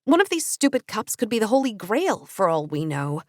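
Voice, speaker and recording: A woman narrator voicing a quick-witted young female adventurer in her own near-natural voice, quippy and casual. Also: mid-range voice, sing-song, no room sound, clean studio sound, close to an everyday voice. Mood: wry.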